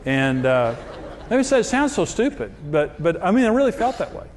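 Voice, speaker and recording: A man in a pastor's role tells a sermon through jokey, self-mocking stories. His voice sits a little high for a man. A faint hiss runs underneath. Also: brisk. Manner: self-deprecating, jokey, animated storyteller. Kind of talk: humorous sermon storytelling.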